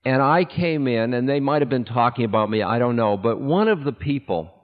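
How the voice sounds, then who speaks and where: A man's voice: medium pitch, animated. Man telling a story in a reverberant hall. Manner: candid, unhurried, breaks into laughter. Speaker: spiritual teacher. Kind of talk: personal storytelling talk. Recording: tinny lo-fi audio with long hall reverb.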